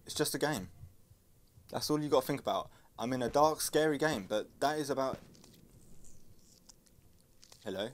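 A young man playing a horror game, muttering and swearing in panic and yelling when frightened. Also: mid-range voice, moderate pace, pauses often. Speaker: gaming YouTuber.

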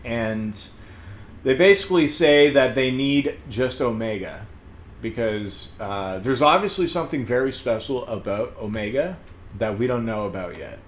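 A man's voice: mid-range voice, measured pace. Man, casual reviewer, rambles and laughs, echoey room, faint hum behind. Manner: rambling, excitable, laughs often, many fillers. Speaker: comedian reviewing a TV episode.

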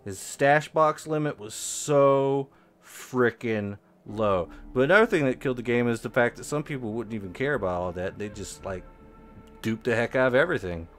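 Animated man muttering gameplay commentary. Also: moderate pace, soft background music. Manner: mutters low, then bursts into loud, high, exasperated rants. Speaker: game video host.

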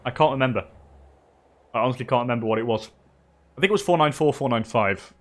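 An English man giving relaxed live commentary on a strategy game, chatting with viewers and laughing often. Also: medium pitch, fast talker. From England. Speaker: streamer.

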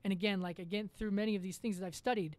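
Woman of middling pitch, podcast guest; loose, rambling storyteller who swears offhandedly. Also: steady tone, very fast, darkish tone, dry recording. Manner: rambling storyteller, filler-heavy, swears casually. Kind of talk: casual chat.

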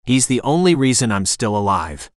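A man's voice: mid-range voice, very animated, moderate pace, no room sound, studio quality, close to an everyday voice. Determined young woman, urgent, lighter voice, read by a man.

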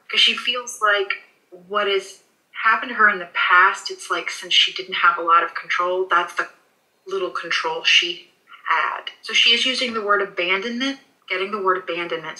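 Bright-voiced woman, soothing and halting. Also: fairly low pitch, low-quality recording. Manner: soothing, reassuring, halting with many fillers. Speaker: pet psychic. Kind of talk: animal communication session.

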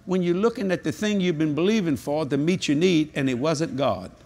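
An older man preaching a humorous sermon at a convention, telling jokey stories and breaking into sudden high-pitched exclamations. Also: fairly quick, a little mellow. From New Orleans, Louisiana. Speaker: evangelist. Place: large convention hall.

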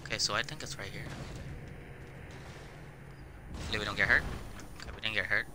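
A young man giving casual, excitable gameplay commentary on his own video, swearing often and jumping between loud outbursts and quiet mumbles. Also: on the low side, rapid-fire, background noise. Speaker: gaming video creator. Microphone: camera on face while playing.

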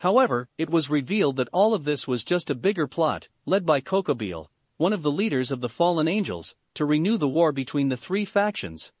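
A man reading fan fiction aloud in an animated, slightly stumbling way. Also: fairly high pitch, fairly quick, few pauses, no echo. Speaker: story reader.

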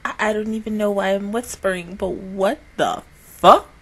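A woman giving casual reaction commentary on an anime episode, excitable, swearing often and laughing between lines. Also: medium pitch, normal speed, husky.

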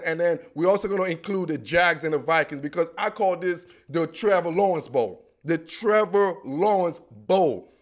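Young man, football show host, slangy, animated, fairly high-pitched voice. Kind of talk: casual sports commentary.

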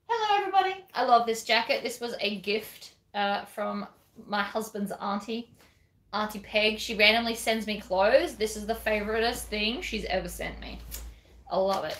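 A woman's voice: medium pitch, moderate pace, fairly bright tone, echoey room. A woman giving a chatty, self-deprecating craft tutorial while she works.

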